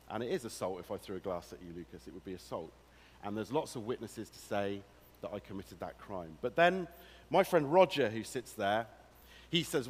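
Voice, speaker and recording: Lively preacher in an echoing church hall. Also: male voice, on the low side, normal speed, breathy edge. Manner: animated storytelling, acting out scenes with the congregation. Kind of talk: sermon. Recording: long hall reverb.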